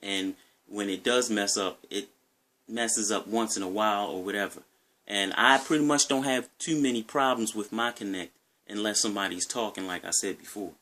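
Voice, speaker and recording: A man's voice: lowish voice, normal speed, bright, forceful tone. A man with a Maryland accent talking casually to his viewers in a rambling, conversational way, often repeating himself. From Maryland, USA. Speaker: gaming vlogger. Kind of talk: casual talk to camera.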